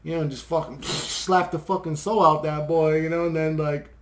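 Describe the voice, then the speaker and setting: Man, slightly high voice, ranting to his viewers; loose, profane, chuckles often. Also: fairly even intonation, normal speed. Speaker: vlogger. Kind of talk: rambling conspiracy rant to viewers.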